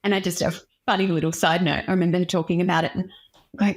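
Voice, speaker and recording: A woman's voice: lowish voice, steady tone, quick pace. A young woman, a doctor speaking as a guest in an interview, telling a personal story frankly and with emotion. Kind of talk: candid interview conversation.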